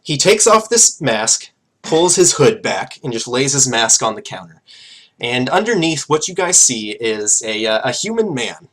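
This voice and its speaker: Male game master, casual filler-laden narration, mid-pitched everyday voice. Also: big pitch swings, measured pace, fairly bright tone.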